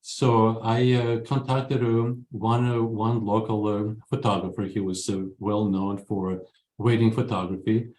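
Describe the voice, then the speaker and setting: A man in his sixties from Ukraine, a guest telling his story in an interview, earnest and halting with many pauses. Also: lowish voice, little pitch movement, darkish tone, a little hiss or hum. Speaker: guest, photographer. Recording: echoey room.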